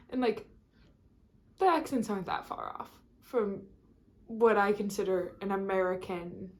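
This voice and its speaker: A woman's voice: mid-range voice, a little mellow. A woman vlogging in a casual, rambling chat to camera, full of fillers and restarts.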